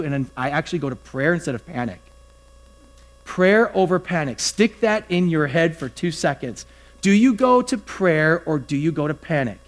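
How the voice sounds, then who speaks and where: A man preaching a sermon as a pastor, in a conversational, storytelling manner. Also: fairly high pitch. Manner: conversational, animated storytelling with acted-out quotes.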